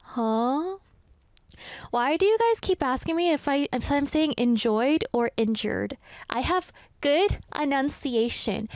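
A young adult woman hosts a radio show, reading listener messages and teasing playfully in a casual, animated way with quick asides. Her voice is high, recorded with no room sound.

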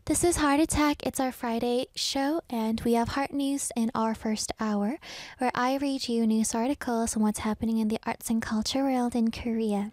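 A woman's voice: on the high side, fairly even intonation, normal speed, a little mellow, no room sound. A woman hosting a radio show in a studio, chatting playfully and teasing listeners while out of breath. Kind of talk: casual radio chat. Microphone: studio mic.

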